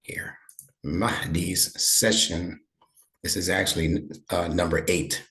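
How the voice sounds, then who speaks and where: A man's voice: sits low, level tone, slow, bright, forceful tone. A man teaching an online lesson over a video call, patient and encouraging, praising his student often. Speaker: instructor.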